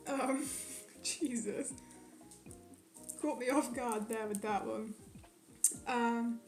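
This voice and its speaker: A young woman streams a casual chat with her live chat, rambling and swearing a lot as she rants. Her high-leaning, darkish voice draws out words and pauses often, with soft background music and roomy echo.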